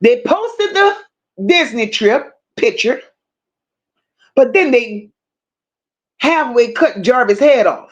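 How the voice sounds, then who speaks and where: Blunt, high-voiced woman livestream host. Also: lively intonation, slow, pauses often, highs cut off. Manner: blunt, emphatic, greets viewers by name. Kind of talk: casual livestream commentary reading chat.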